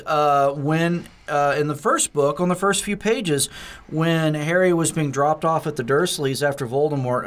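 A man co-hosting a podcast, chatting casually as he explains a candy with many fillers. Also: a little high. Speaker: podcast co-host. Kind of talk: casual food-tasting chat.

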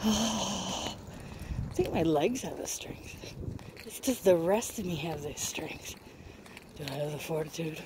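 A woman's voice: fairly low pitch, unhurried, long pauses, noisy background. A woman vlogging as she hikes up a park hill, out of breath and chatty, poking fun at herself as she talks to the camera. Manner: chatty, self-mocking, talks to camera while hiking uphill. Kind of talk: casual walking vlog.

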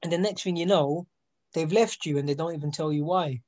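A man's voice: a little high, brisk, a little mellow. A man guesting on a casual boxing chat, telling frank stories and acting out quotes. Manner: storytelling, acts out quotes, frank.

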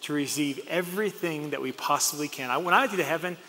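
A man's voice: a little high, fast, sharp tone. A man speaking with energy and playfulness as he exhorts an audience of students. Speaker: college president. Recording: reverberant hall.

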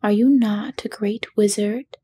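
Whispered role-play: woman doing a young girl asking questions, slow breathy voice. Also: mid-range voice, fairly even intonation, dark tone. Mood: earnest. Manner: insistent, puzzled.

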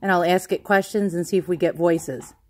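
A woman's voice: lowish voice, a little mellow. Woman asking questions aloud, home vlog. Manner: curious, slow questioning with pauses. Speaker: vlogger running a ghost hunting session. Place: indoors at home with a dog nearby.

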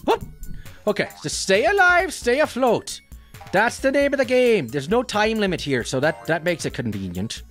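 A man's voice: high-pitched, moderate pace. A man doing a hyper Irish leprechaun. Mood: excited. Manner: excitable, exclamatory, jokey stage-Irish. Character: cheeky Irish leprechaun, excitable trickster. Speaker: gaming channel character. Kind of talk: playing a mobile game with commentary. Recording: faint background music.

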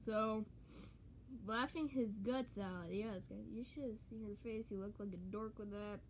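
A young woman YouTuber, her voice a little high and animated at normal speed, reads an old story she once wrote aloud to a handheld camera. She swears, laughs and mocks herself, adding comedic commentary as she goes.

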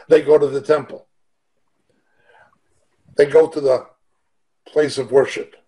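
Emphatic middle-aged Bible teacher. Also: male voice, fairly high pitch, a little mellow. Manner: earnest, emphatic preaching with rhetorical questions. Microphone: video call.

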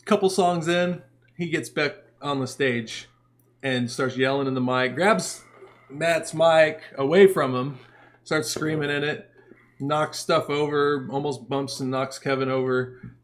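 A man with a slightly raised pitch tells a rowdy story in casual podcast chat. He swears freely and laughs along the way. His delivery is animated and loose. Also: unhurried. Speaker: podcast co-host, punk musician.

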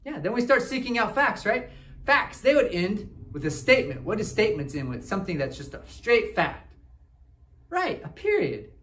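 A man's voice: sits high, normal speed. A man doing Tourist Tim, a goofy bouncing cousin. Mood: cheerful. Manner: animated, talks straight to kids with frequent "right?". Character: goofy traveling male cousin, chatty and upbeat. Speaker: children's Bible teacher. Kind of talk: children's ministry lesson in character.

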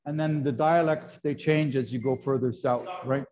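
A man teaches a live baking class in a kitchen classroom, explaining chattily with lots of fillers and "right?" checks. His mid-range voice has fairly even intonation and a normal speed, with crowd noise over dull, lo-fi video call audio.

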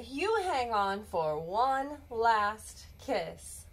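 A woman reading a children's bedtime story aloud in a gentle, expressive storybook manner. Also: mid-range voice, takes it slowly.

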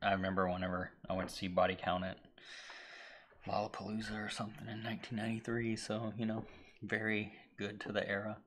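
A man co-hosting a casual talk stream, rambling through a film's plot and acting out its lines with sudden shouts and whispers. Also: fairly low pitch, flat delivery, fairly quick, slight background noise. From Irish heritage (family, not place). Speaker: podcast co-host. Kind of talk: casual chat retelling a movie.

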